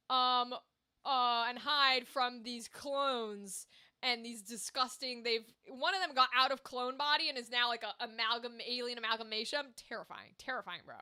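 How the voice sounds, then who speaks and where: A woman's voice: high-pitched, pushed and bright, clean tone. A young adult woman hosting a game livestream, chatting casually and rambling to her viewers. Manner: chatty and rambling, talks straight to chat. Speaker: livestream gamer and host. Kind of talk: casual stream chat with viewers.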